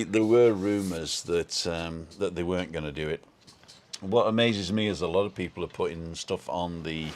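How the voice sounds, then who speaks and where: A middle-aged man hosting a casual live stream from home, rambling along and greeting viewers by name. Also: deep voice.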